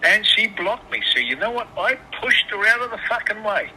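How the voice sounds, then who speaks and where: A man's voice: high-pitched, big pitch swings, normal speed, bright, forceful tone. A man on a phone call, swearing often and stammering through restarts as he tells his side. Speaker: caller. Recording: phone line with background noise.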